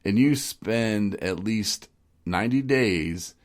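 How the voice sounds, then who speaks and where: A man's voice: lowish voice, expressive, slow pace. A man hosting a casual podcast who rambles and jokes, often restarting his sentences. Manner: rambling, joking, many restarts. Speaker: podcast host.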